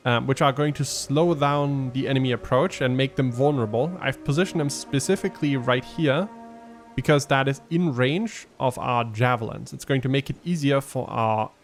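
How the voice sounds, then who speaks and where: A medium-pitched man hosts a let's play, giving casual commentary on the gameplay. He thinks out loud and explains his tactics, with frequent ums.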